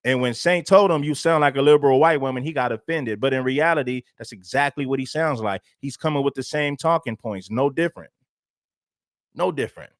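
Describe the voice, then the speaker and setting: A man's voice: mid-range voice, a little fast, few pauses, dry recording. Preachy male host, dry sound. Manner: preachy, emphatic and repetitive. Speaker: show host. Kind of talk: livestream commentary.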